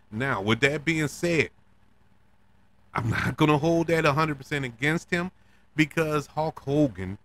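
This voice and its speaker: A man hosting a podcast, talking casually and emotionally about wrestling, laughing now and then. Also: mid-range voice. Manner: animated, emotional, laughs between words. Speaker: podcast host. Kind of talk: casual wrestling recap monologue.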